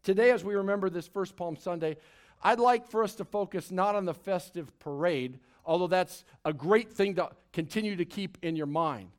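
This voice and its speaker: High-voiced man preaching with dramatic swings. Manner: expressive preaching, big swings in loudness and pitch, drawn-out dramatic phrases; playful asides to the congregation. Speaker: pastor. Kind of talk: sermon. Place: church service before a congregation.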